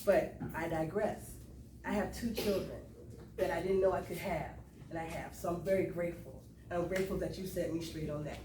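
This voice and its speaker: A woman's voice: fairly low pitch, fairly even intonation, a little fast. A middle-aged woman giving an emotional personal testimony to a live audience at a cultural event, in a conversational storytelling way. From US Lowcountry (South Carolina). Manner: emotional, conversational Southern storytelling with call to the crowd. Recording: roomy sound from far off, faint room noise.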